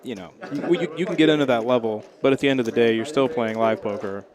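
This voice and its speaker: Guy breaking down poker hands, mid-pitched and easygoing, noisy card room behind. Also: fast talker, crowd noise. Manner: casual, analytical, conversational. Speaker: poker co-commentator. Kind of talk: live poker commentary.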